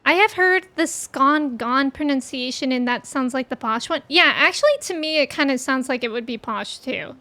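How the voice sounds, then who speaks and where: A woman's voice: high-pitched, normal speed, few pauses, sharp tone. A woman streamer chatting casually with her chat while she plays, giggly and talkative.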